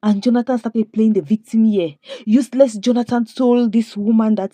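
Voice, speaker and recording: A woman's voice: a little high, moderate pace, dark tone, dry recording. A woman recapping a comedy series in a dramatic, judgmental storytelling way, full of rhetorical questions.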